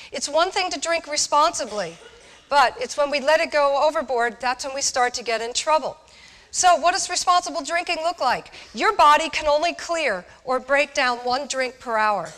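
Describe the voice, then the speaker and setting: A woman giving a lively, direct talk to college students, asking the audience questions. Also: high-pitched. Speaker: speaker on alcohol awareness. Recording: echoey hall.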